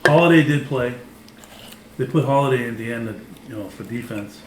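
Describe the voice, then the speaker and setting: A man's voice: medium pitch, a little fast. Easygoing man as podcast co-host, with roomy echo and faint background noise. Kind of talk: casual sports chat. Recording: echoey room with faint ambient noise.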